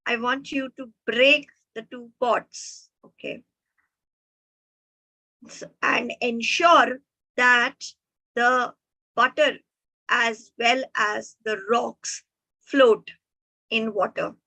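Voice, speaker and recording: Woman voicing a calm wise sage. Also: fairly high pitch, no echo, exaggerated voice, rough recording. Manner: calm, slow and deliberate.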